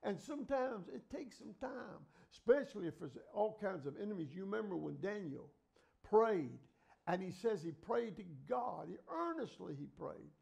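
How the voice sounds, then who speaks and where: A middle-aged man preaches a fervent sermon. His voice sits a little high and has a gravelly edge. He moves from loud exhortation to quiet, confiding storytelling. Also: expressive, normal speed. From United States.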